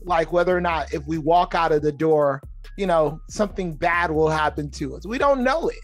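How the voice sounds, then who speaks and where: Podcast host from the US, affirming, mid-pitched voice, faint music behind. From United States. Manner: affirming, lots of agreeing interjections. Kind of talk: podcast interview chat.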